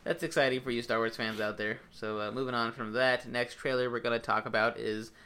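A man's voice: medium pitch, brisk. A man hosts a casual podcast in an easygoing voice. He swears freely and pads his sentences with "uh" and "like" as he goes. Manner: relaxed, profane, hesitant with fillers. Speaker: podcast host. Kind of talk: casual chat.

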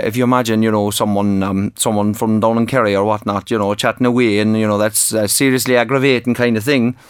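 In a conversational interview, an author-actor guest enthusiastically covers his book, tripping over false starts and repeated words. His mid-range voice has a clean tone, and the recording is dry with clean studio sound.

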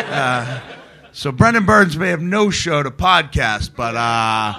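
A middle-aged man, a guest on a live podcast, telling animated stories and laughing often as he mimics other people. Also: medium pitch, takes it slowly, vocal fry. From United States. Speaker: guest, wrestler turned comedian. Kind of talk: live podcast chat, storytelling.

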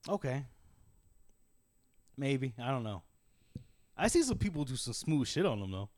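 A man co-hosting a casual podcast chat. He talks in a laid-back way, laughs between thoughts and swears freely. His voice sits at an everyday mid pitch, recorded dry and close. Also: very animated, measured pace, a little mellow, dry recording. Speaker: podcast co-host.

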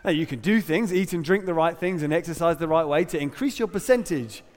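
A man's voice: fairly high pitch, brisk, long reverb tail. A middle-aged man with an English accent preaching a sermon in a conversational, humorous and emphatic way. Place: church hall.

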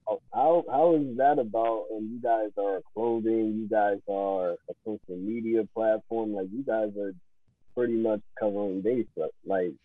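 A young man co-hosting a radio interview, asking halting questions. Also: lowish voice, no echo. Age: young adult. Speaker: substitute radio co-host. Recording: thin phone-like radio sound, dry.

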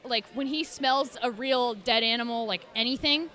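A woman guest chatting casually in a podcast interview, telling animated stories, swearing freely and acting out her pets. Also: a little high, moderate pace. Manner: animated storyteller who swears casually and acts out her cats. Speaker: guest, cosplayer. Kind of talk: casual chat.

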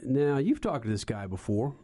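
A man's voice: mid-range voice, big pitch swings, moderate pace, dark tone. Brash male motorsports radio host. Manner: brash, joking, salty. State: stuffed up with a head cold. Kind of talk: motorsports radio talk show.

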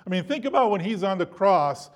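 Male pastor, slightly high-pitched, delivering an animated, emphatic sermon to a seated congregation. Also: brisk. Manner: animated, emphatic preaching with shifting loudness.

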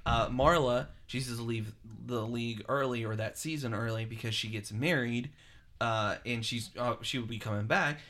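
A man co-hosting a casual podcast about a film, talking in a relaxed way with a lot of ums and uhs. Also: mid-range voice, moderate pace. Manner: relaxed, many fillers like um and uh. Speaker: podcast co-host.

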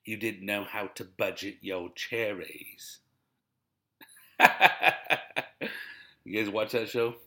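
A man's voice: fairly low pitch, fairly even intonation, a little slow, hardly any pauses, a bit bright. A man hosting a podcast, a stand-up comedian rambling in a laid-back way with lots of laughs. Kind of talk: casual podcast monologue.

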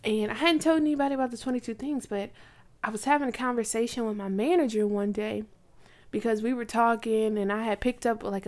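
A woman's voice: on the high side, darkish tone. A woman in her twenties casually telling a personal faith story, chatty, with lots of likes and you knows. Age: 20s.

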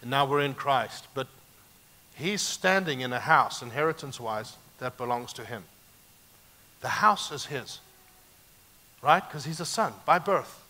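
Bright-voiced man preaching with animated swings. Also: mid-range voice, unhurried, pauses often. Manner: animated, emphatic preaching with sharp swings between loud and quiet. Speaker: pastor. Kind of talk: sermon.

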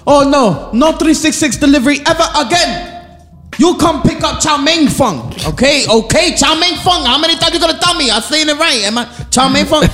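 A man putting on a shrill, scolding delivery worker. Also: animated, moderate pace, sharp tone, echoey room, long reverb tail, soft background music, exaggerated voice. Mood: exasperated. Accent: put-on Chinese-accented English. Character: exasperated male restaurant worker refusing delivery.

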